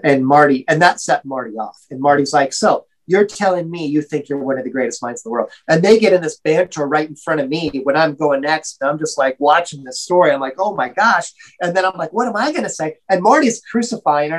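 Middle-aged male guest, animated storyteller who plays out each quoted voice. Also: a little high, a little fast, few pauses, poor audio. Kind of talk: casual storytelling.

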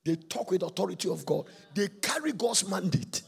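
A male preacher giving an impassioned sermon, often shouting and half-singing his phrases. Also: high voice, big pitch swings, moderate pace, vocal fry, breathy edge, soft background music.

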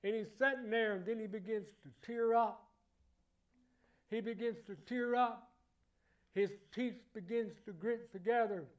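A man preaching a sermon in church, emphatic and repetitive, building to loud exclamations. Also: high-pitched, steady tone, unhurried, pauses often, highs cut off.

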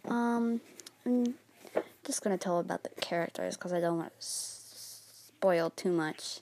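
Guitar music sits behind this young woman's fairly low, slightly mellow voice as she reviews manga at a measured pace in a dry recording. As a vlogger, she rambles casually, with plenty of fillers and giggles.

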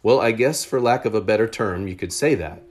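Storybook figure: a kind young soldier ghost, calm and soothing, lowish voice, read by a man. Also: a little fast, natural voice. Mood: kindly.

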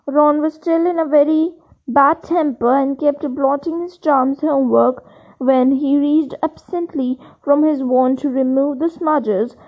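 A woman with a high voice reads a novel aloud, plainly and steadily, stumbling on a word now and then. The recording sounds dull and lo-fi. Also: fairly even intonation, measured pace. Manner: plain reading with occasional slips and restarts. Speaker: audiobook reader.

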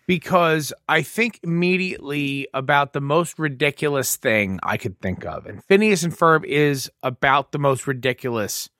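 A male podcast co-host in casual chat who muses aloud and often restarts his sentences. His voice sits a little high with a bright tone, recorded close and dry. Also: no room sound. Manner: halting, restarts often, musing.

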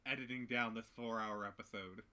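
A man chatting as a podcast guest, his voice very bright and sharp. He talks in halting bursts, restarts often and jokes around. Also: on the low side, fairly even intonation. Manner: hesitant, many ums and restarts, joking. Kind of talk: casual chat.

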